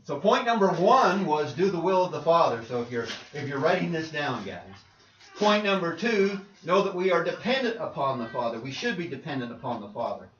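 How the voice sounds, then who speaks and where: A man's voice: a little high, sing-song, brisk. A male pastor preaching a conversational sermon in a church, asking his congregation rhetorical questions. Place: church sanctuary. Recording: roomy, distant, dull church recording.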